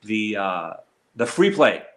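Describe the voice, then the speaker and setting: A male slots streamer speaks slowly on a live stream with big pitch swings, sounding hurt and heated as he stumbles over fillers and restarts. When quoting others, he mocks them in a shrill high voice.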